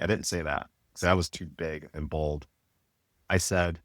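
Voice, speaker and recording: A man's voice: low voice, expressive, normal speed, a bit bright, no room sound, studio quality. A middle-aged man and company founder, telling his career story in a casual interview with loose, rambling talk full of fillers and restarts. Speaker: podcast guest, apparel company founder.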